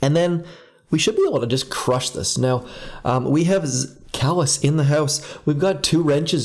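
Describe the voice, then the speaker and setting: A man's voice: fairly high pitch, normal speed. A man hosting a casual live stream, chatting upbeat and thinking aloud while he plays. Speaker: game streamer.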